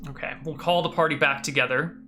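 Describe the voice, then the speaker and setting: A game master narrating a tabletop role-playing game, casual and quick, with fillers and asides. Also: medium pitch, fairly even intonation, bright, forceful tone, soft background music.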